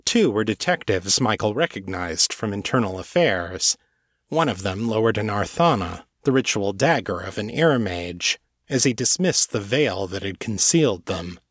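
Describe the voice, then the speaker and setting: A man narrating a novel chapter in scripted audiobook style, with a measured, even delivery. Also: on the low side, no room sound, studio quality.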